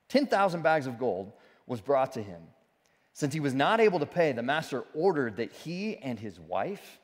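A man preaching a sermon as pastor, speaking with animated emphasis and joking asides. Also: a little high. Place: church sanctuary. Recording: church sanctuary with long reverb.

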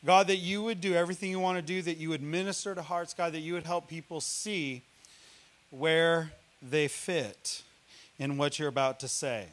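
A man from Missouri, a guest preacher, delivering a lively sermon with a loud, yelling style and playful teasing of the congregation. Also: a little high, normal speed.

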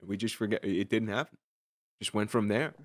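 A man's voice: fairly low pitch, moderate pace, no echo, clean studio sound. A young man hosting a casual podcast, telling rambling stories full of fillers and restarts. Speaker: podcast host.

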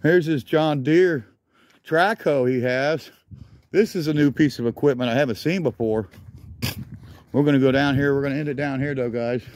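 A man's voice: medium pitch, normal speed, a little mellow, no room sound. A man walking around outdoors filming a junkyard, rambling enthusiastically as he names vehicles, a little out of breath. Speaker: vlogger. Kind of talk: casual walk-around commentary.

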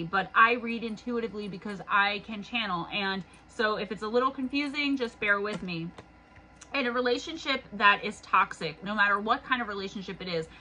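A woman's voice: mid-range voice, pushed and bright, rough recording. A woman giving an intuitive tarot reading in an earnest, urging way, her voice worn from reading all day. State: losing her voice. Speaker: tarot reader.

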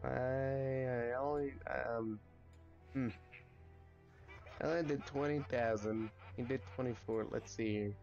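A man giving casual, excitable gameplay commentary, swearing and making sound effects as he plays. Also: mid-range voice, slow pace, vocal fry, pauses often, lo-fi sound, soft background music.

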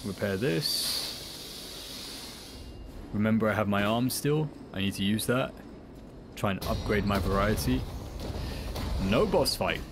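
A young man giving casual, joking commentary while playing a video game, sometimes breaking into high excited yelps. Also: unhurried, pauses often, noisy background. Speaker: gameplay commentator. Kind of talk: casual let's-play commentary.

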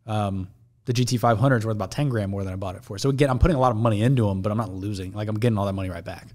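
A man as a podcast guest chatting casually, offhand, often trailing off quietly. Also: on the low side, very fast.

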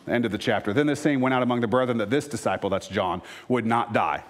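Male pastor, mid-pitched, preaching; dramatic scripture reading, punches up quotes. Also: fast, hardly any pauses. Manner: rises to emphatic, louder lines. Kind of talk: sermon.

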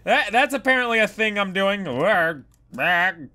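A man with a high, bright voice that swoops all over its range, playing through a horror game. He talks in an unhurried way, bursting into startled yelps and curses, then drops to low muttering. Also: expressive. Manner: jumpy, loud exclamations and cursing; swings between shouting and muttering. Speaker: gaming YouTuber. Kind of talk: horror game let's play commentary.

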